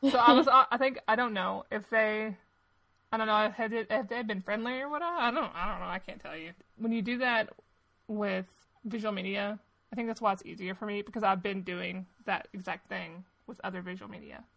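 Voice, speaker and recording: A woman talks casually in a bright, clear-edged voice. Her delivery is wry and offhand, with laughing asides. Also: mid-range voice, a little fast. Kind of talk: casual chat.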